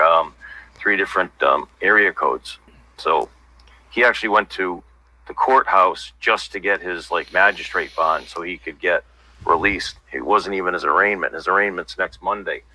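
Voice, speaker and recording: A man's voice: sits low, pushed and bright, rough recording. A man talking bluntly and at length as an interview guest, passing on inside gossip in casual livestream chat. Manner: blunt, rambling insider talk.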